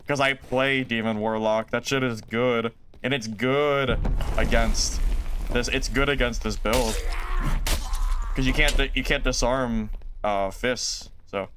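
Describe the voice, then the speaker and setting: A man's voice: mid-range voice, fairly even intonation, slow. Guy streaming a game, jokey and exasperated at himself, mouse clicks and noise behind. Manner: self-mocking, exasperated, laughs often. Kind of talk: live gameplay commentary reading chat.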